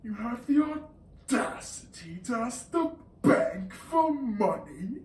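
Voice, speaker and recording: A man's voice: very high-pitched, very animated, reverberant, noisy background, pitched above the performer's own voice, full character voice. A teen guy doing a scornful pompous bank boss. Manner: scornful, drawn-out.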